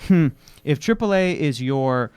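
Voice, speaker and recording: Smooth-voiced male movie-show co-host. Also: a little high, unhurried, no room sound. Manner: opinionated, animated storytelling. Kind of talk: casual movie chat. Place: studio.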